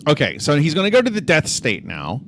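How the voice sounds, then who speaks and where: With a fairly high voice whose pitch swoops wildly, this man talks a little quickly and sounds a bit bright, with slight noise behind him. He's streaming game development, thinking aloud as he debugs, mumbling to himself and chatting casually with his viewers as he codes.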